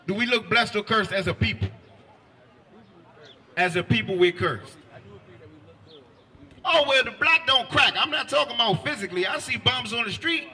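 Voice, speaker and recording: Man, street preacher, high voice, very bright tone, forceful, questioning. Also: animated, normal speed, pauses often. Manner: forceful, quizzes listeners with pointed questions.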